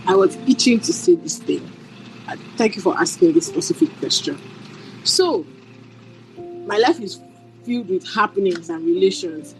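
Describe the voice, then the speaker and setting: A woman's voice: medium pitch, big pitch swings, moderate pace, long pauses, over music, rough recording. A woman in a book club discussion, speaking hesitantly with many fillers and apologies. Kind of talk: casual discussion.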